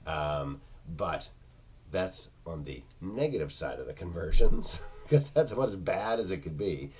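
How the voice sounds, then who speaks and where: A man's voice: sits low, lively intonation, unhurried, darkish tone, a little hiss or hum. A man talking casually and unscripted in a product review video, rambling and searching for words with many fillers. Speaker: internet marketing product reviewer.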